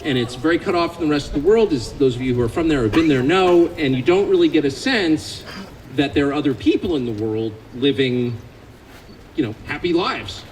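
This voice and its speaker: A man with an American accent addresses a live audience, his voice pitched a little high and swinging widely up and down. He speaks in a sardonic, joking way and builds into passionate outbursts. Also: expressive, brisk, a little mellow, a little hiss or hum, rough recording. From United States. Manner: sardonic, joking, increasingly impassioned. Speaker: invited speaker. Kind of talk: public speech to a live audience.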